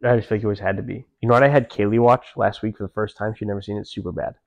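A man's voice: lowish voice, fairly even intonation, very fast, creaky, muffled recording. A man in his twenties, a podcast guest, chatting casually and loosely, swearing freely and saying "like" and "dude" a lot. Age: 20s. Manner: laid-back, swears freely, lots of "like" and "dude". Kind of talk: casual chat.

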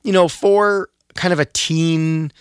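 A man co-hosting a podcast in casual chat, musing and asking questions, slowing down to draw out details. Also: fairly high pitch, fairly even intonation, clean tone, no room sound, studio quality. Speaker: podcast co-host.

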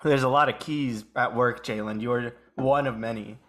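A man cohosting a podcast, teasing his cohost with deadpan jokes in casual chat. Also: medium pitch, moderate pace. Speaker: podcast co-host.

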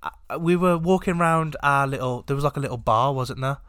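A young man from the UK chats casually with a joking, easygoing manner. His voice has a bright, forward edge at a middling pitch. The recording is dry and close. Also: brisk, smooth, no room sound. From United Kingdom. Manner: jokey, does exaggerated voices for others. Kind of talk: casual chat.

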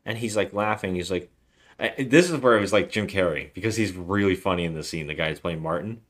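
A man's voice: low voice, fast. A man co-hosting a podcast, retelling a film's plot in casual, rambling chat. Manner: rambling retelling with acted quotes. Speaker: podcast co-host. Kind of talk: casual movie recap chat.

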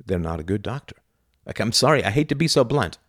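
A man's voice: lowish voice, animated, fast talker, fairly bright tone, dry recording, studio quality. A man giving an unscripted philosophy lecture in a blunt, opinionated way, with sudden emphatic jumps in his voice.

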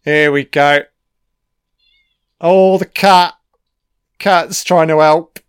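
A man's voice: sits high, steady tone, takes it slowly, pauses often, fairly bright tone, clear, resonant tone, no echo, clean studio sound. A man giving a casual, profane commentary on a film, swearing constantly and cheering at the screen.

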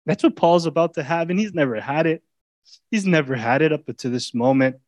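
A man preaching a sermon as a pastor, speaking in a conversational way that swings between loud, emphatic lines and quiet, intimate asides. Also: fairly high pitch, animated, brisk, dry recording. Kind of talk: expository sermon.

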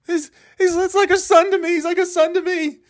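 A squeaky frantic dog-owner guy. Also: flat delivery, brisk. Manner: high, squeaky, pleading and frantic. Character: earnest grown man treating his bike as a pet dog.

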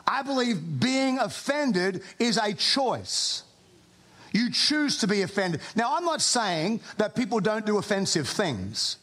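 An Australian man preaching to a congregation, his voice sitting very high for a man. He delivers the sermon in a loose, conversational way, slipping in jokes and often restarting his phrases. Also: big pitch swings, slow pace, fairly bright tone. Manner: conversational preaching with humorous asides and repeated restarts. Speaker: pastor. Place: church before a congregation.

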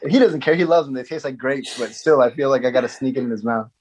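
A man in his thirties chatting casually about his young kids, laid-back and quick to laugh. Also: mid-range voice, husky. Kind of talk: casual chat.

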